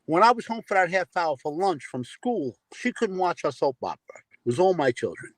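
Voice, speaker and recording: A man's voice: high-pitched, sing-song, fairly quick, no room sound. Male guest on a stream, storytelling, dry close sound. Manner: storytelling, informal. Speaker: guest caller. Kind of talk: casual livestream chat.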